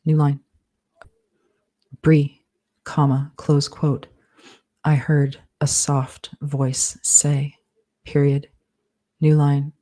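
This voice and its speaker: A woman author dictates fiction live in a low, flat voice. She goes slowly and measuredly, speaking the punctuation aloud.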